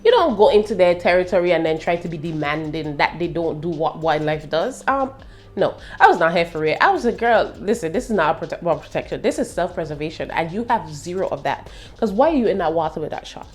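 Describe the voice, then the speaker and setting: A woman's voice: on the low side, brisk, soft background music. Laughing, chatty young British woman. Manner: animated, laughing, slangy asides. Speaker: TV review vlogger. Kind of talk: casual chatty review.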